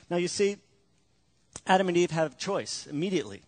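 A man's voice: sits high, big pitch swings, moderate pace, long pauses. A male pastor preaching a sermon, earnest and emphatic, with frequent rhetorical questions.

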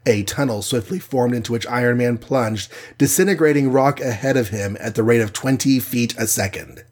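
Man narrating a superhero story. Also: medium pitch. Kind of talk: audiobook narration.

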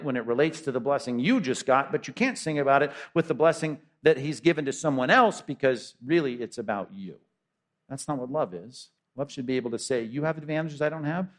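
A man preaching a sermon as pastor, emphatic and full of rhetorical questions. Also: mid-range voice.

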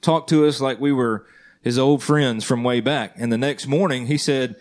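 A man's voice: medium pitch, normal speed. Man in earnest casual chat. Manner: earnest, conversational, tosses questions to the others. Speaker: podcast co-host. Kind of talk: casual Christian podcast chat.

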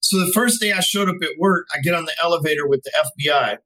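A man's voice: a little high, fast talker, bright, forceful tone, poor audio. A man in his forties, a podcast guest, telling a casual story with plenty of swearing and acted-out dialogue. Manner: swears freely and acts out the dialogue in his stories. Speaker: podcast guest, sales company CEO.

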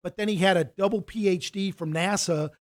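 A middle-aged man with a notably high voice tells a long story in a relaxed conversation. He rambles and restarts his sentences often, and slips into other voices when he quotes people. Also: a little fast. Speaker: financial advisor.

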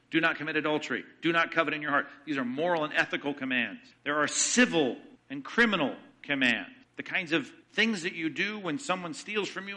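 A man preaching a fast, conversational Bible lesson, asking and answering his own rhetorical questions. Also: on the high side, pushed and bright. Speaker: pastor teaching theology. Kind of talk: sermon-style Bible lecture.

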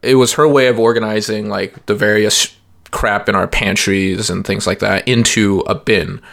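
A man's voice: lowish voice, fairly even intonation, moderate pace, gravelly, fairly bright tone. A young man co-hosting a podcast, chatting casually and rambling, with lots of "like" and restarts. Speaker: podcast co-host. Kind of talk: casual chat.

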